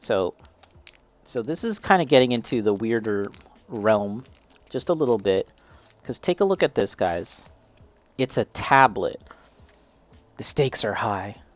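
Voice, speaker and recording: A man's voice: fairly low pitch, sing-song, a little slow, pauses often. A young man casually chatting as he tastes and reviews snacks, self-deprecating and reacting as he eats. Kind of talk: casual snack tasting chat.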